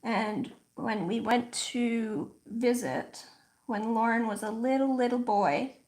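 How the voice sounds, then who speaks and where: Brief: woman host, relaxed slow pace, chatty stream talk full of "like"s. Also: fairly high pitch. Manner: chatty, frequent "like" fillers, storytelling; slow, thoughtful explaining. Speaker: livestream host. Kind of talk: casual livestream chat.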